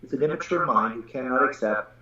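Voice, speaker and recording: A blunt, swearing man holds forth as a Taoist teacher in a loose podcast chat, slipping into other people's voices as he tells stories. His voice booms around a strongly echoing room, and the sound is dull and muffled. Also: quick pace, bright, forceful tone. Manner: blunt and profane, acts out quoted voices. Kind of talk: casual podcast conversation.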